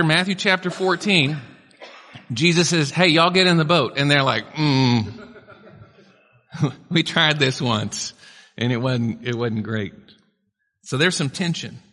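A male pastor preaches a sermon in a conversational style, tossing casual asides to his congregation. His voice sits on the high side, bright and forceful, and the recording has a long hall reverb.

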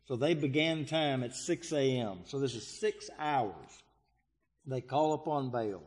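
A man preaching a sermon, reading scripture dramatically, with sudden swells and hushes in his voice. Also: mid-range voice, measured pace. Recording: long reverb of a large hall.

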